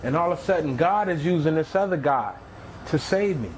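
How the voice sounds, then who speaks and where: A man's voice: a little high, lively intonation, a little fast, a little hiss or hum, poor audio. A man earnestly telling his personal testimony, repeating phrases and acting out the voices of the people in his story. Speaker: testimony speaker.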